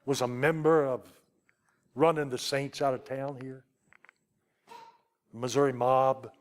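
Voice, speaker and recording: A man preaching a storytelling sermon, giving an emotional testimony that slows to a hush at its tender points. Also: medium pitch, level tone. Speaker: Baptist preacher.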